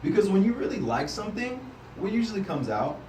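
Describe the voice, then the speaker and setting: An energetic sales team trainer coaches a group of salespeople live in a room, talking at a quick pace in a voice a little higher than most men's. Heard from some distance with roomy echo and a faint hum of the space, he keeps asking the group "right?".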